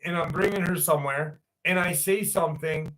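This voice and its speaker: Higher-voiced man in a swearing casual ramble. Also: brisk, a bit bright, low-quality recording. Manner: rambling, profane anecdotes with many fillers. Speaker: podcast host. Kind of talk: casual chat and reading a listener story aloud.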